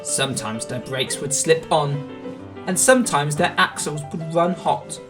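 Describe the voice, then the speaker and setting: A man reading a children's storybook aloud in a gentle, expressive way. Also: on the high side, unhurried, over music.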